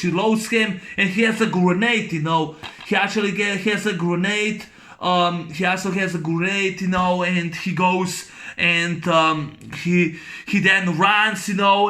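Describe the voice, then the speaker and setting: High-pitched guy gushing about an action flick, going pow pow, stumbling over his words a lot, sharp bright tone. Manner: excited, imitates gunshots with his voice; halting, full of fillers and restarts. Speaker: movie reviewer. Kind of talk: casual movie recap.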